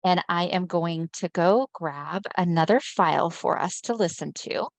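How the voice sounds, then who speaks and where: A woman presents an online webinar, talking her audience through the material in a relaxed, chatty way and often checking that they are following. Her voice sits slightly low, and her video-call mic picks it up dry and close. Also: normal speed, dry recording. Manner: conversational, often checks in with listeners.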